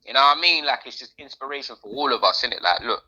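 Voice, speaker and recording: A man's voice: medium pitch, animated, racing, sharp tone, breathy edge, lo-fi sound. A man co-hosting a casual podcast, talking in laid-back slang. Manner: laid-back slang, frequent "innit" and "bruv". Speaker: podcast co-host. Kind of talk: casual chat.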